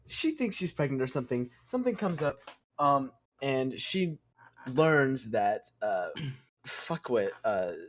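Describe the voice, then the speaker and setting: A young man hosting a podcast, telling a story casually while gaming, rambling and swearing. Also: mid-range voice. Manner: rambling, profane, restarts and laughs. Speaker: podcast host.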